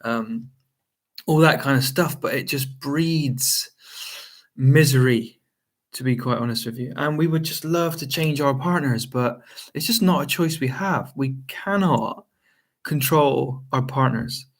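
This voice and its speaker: A male marriage coach talking straight to the viewer, loose and conversational. He sits in a middling pitch and fills his thoughts with ums and you-knows as he goes. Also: measured pace. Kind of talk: direct-to-camera advice talk.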